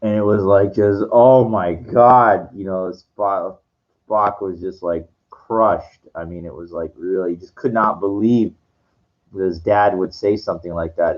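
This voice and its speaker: A man with a very deep voice retells a film scene in a loose, casual way. He rambles, restarts sentences and leans on fillers. The recording sounds dull and lo-fi. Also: fairly even intonation, measured pace. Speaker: vlogger.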